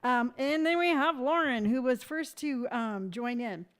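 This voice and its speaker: A woman's voice: a little high, measured pace, a bit bright. A woman in her fifties hosting a casual morning live stream, chatty and rambling, greeting viewers by name. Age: 50s.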